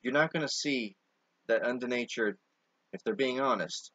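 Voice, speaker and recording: A man's voice: mid-range voice, moderate pace, sharp tone, no echo. A man co-hosting a product talk, earnestly explaining points and repeating the key ones.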